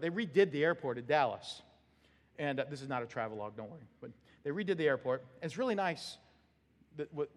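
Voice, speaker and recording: A male pastor preaching a sermon, telling an animated personal story and laughing along with it. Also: on the high side. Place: church sanctuary. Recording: long hall reverb.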